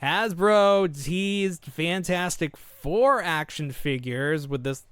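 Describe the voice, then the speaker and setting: A man chatting on a podcast, his pitch bouncing up and down as he talks. He wanders through loose, half-finished thoughts full of fillers. The sound is dry and close, with no room echo. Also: animated, slow, a bit bright, clear, resonant tone. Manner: rambling, lots of fillers and trailing thoughts. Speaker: podcast co-host. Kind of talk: casual chat.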